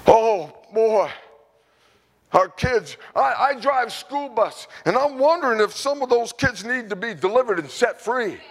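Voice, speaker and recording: A man preaching a sermon in a church, fervent and rambling, rising into shouted praise. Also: extremely high pitch, animated, moderate pace, hardly any pauses, long reverb tail. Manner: rambling with restarts and repeats. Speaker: pastor.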